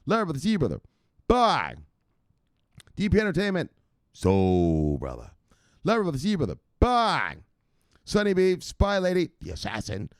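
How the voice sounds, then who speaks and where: A man hosting a casual crypto news livestream, joking and cursing as he gives animated shout-outs to viewers. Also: high-pitched, moderate pace, clear, resonant tone, no echo, studio quality.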